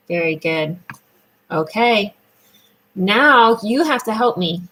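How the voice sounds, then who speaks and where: A woman speech therapist leading a children's sound lesson, praising often and drawing out words slowly in a sing-song way. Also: medium pitch, expressive, a bit bright, poor audio.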